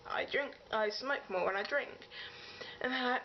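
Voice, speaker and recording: A young Englishwoman vlogger, her voice on the high side and at normal speed, gushes and rambles while retelling a story in a casual vlog. The sound is dull and lo-fi, with a faint hiss.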